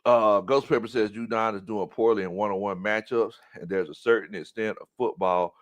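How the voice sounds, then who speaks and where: A man hosting a casual sports talk show, animated and quick to laugh. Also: lowish voice. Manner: animated, breaks into loud laughs and shouts, does voices.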